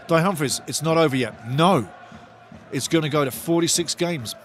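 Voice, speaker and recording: A man hosting a live football watch-along, giving partisan, excitable commentary and chatting to his viewers. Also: a little high, moderate pace, slight background noise.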